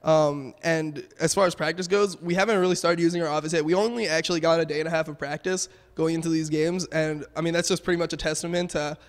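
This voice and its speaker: A young man answers post-match questions in a rapid, casual stream, peppered with "um" and "like". His voice sits slightly high for a man. A long reverb trails behind him, as in a large event hall. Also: fairly even intonation. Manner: fast, casual, filler-heavy. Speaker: pro gamer.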